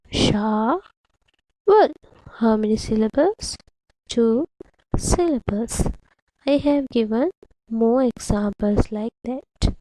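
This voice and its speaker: A woman's voice: a little high, dark tone, no echo, rough recording. A woman teaching a primary English lesson, patiently explaining to children and repeating words syllable by syllable. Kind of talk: slow, deliberate classroom instruction to children.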